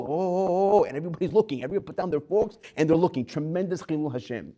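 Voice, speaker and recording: A man teaching a Torah class as a rabbi, telling stories with lively acted-out quotes. His voice sits a little high for a man. The delivery is animated, shifting between narration and quoted lines. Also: very fast, few pauses.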